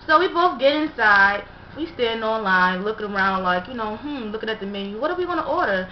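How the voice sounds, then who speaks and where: A woman's voice: on the high side, expressive, fairly quick. A young woman casually telling a story to her viewers, chatty and full of fillers. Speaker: vlogger. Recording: dull echoey room recording with faint hiss.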